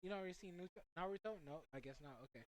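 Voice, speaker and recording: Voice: mid-range voice, rapid-fire, rough recording. Young student commentator, rambling play-by-play with goofy asides. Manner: chatty and rambling, with joking asides.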